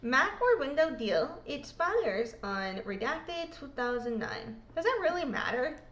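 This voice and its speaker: A woman host reads court exhibits aloud with casual commentary, swearing freely and poking fun at herself. Her high, sing-song voice is a little slow and a bit bright, and the recording is muffled in an echoey room.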